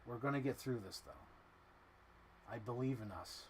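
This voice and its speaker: A man's voice: mid-range voice, moderate pace, slight background noise. A man casually chatting on a live stream, rambling and talking to himself while he arranges things.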